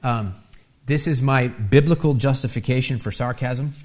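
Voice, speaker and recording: A man preaching a sermon, animated and conversational, with asides and tag questions, rising loud when he acts out the taunts. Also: medium pitch, normal speed. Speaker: pastor.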